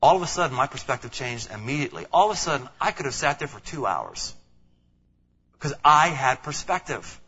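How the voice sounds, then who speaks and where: A man preaching a sermon as pastor, animated, acting out quoted voices, often repeating words as he goes. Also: medium pitch, a little fast, breathy edge, muffled recording.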